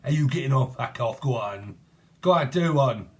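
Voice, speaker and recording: A man's voice: mid-range voice, lively intonation, normal speed, natural voice. A man putting on a chummy cockney lad. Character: cheery cockney lad greeting a mate.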